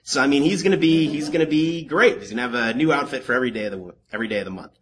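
A man preaching a Bible-study sermon in an animated, joking way, with asides to the congregation. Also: mid-range voice, very fast. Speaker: pastor teaching a Bible study.

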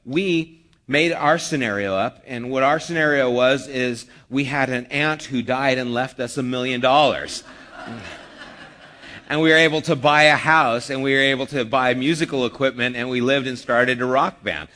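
A man's voice: mid-range voice, moderate pace, bright, forceful tone. A man preaching a sermon in a conversational way, asking rhetorical questions and acting out the people he quotes. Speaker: pastor.

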